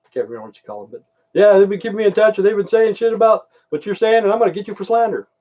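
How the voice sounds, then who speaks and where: Rapid-fire and lively in intonation, this middle-aged American's voice sits high and carries a dark tone. The vlogger rants heatedly into the camera, profane and repetitive.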